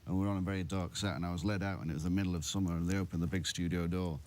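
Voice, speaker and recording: A man telling an animated story in an interview, laughing as he goes. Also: deep voice, racing, slight background noise. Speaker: actor interviewee. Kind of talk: casual interview chat.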